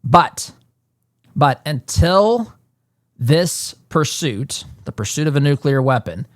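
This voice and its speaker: A man's voice: fairly high pitch, expressive, slow, no room sound, clean studio sound. A man hosting a political talk show, delivering an emphatic monologue and often repeating words as he builds a point.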